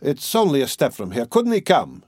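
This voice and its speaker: A man reading an audiobook, voicing an eager young male student friend in a raised, lively, insistent voice. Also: mid-range voice, moderate pace, no echo, voice pushed up.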